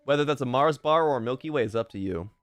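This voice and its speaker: A young man streaming and casually chatting while reading fan messages, swearing often and jumping into loud outbursts. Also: mid-range voice, quick pace, no echo, faint music behind. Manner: excitable, swears a lot, swings to loud outbursts.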